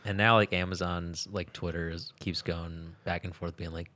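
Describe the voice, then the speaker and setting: Young male co-host with a very deep voice, rambling casual chat, dry mic. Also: little pitch movement, normal speed, bright, forceful tone, no echo. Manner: rambling, laughs between lines. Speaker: podcast co-host.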